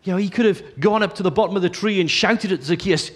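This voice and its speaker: A man preaching a sermon, earnest, often dropping to a soft hush on key phrases. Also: high-pitched, fast.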